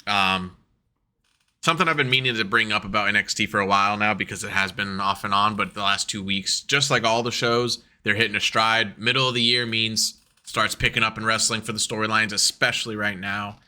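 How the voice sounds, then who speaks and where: A man co-hosting a podcast in casual chat, talking excitedly and profanely and acting out quotes as he goes. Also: fairly low pitch, fairly quick. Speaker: podcast co-host.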